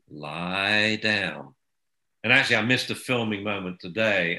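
A man who trains dogs, giving calm, anecdotal advice in a casual chat and dropping to a hush for soothing commands. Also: on the low side, roomy sound. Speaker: dog trainer.

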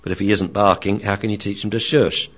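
A man teaching dog training in a lecture, animated and acting out barks and dialogue. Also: on the low side, fairly quick. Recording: dull lo-fi recording.

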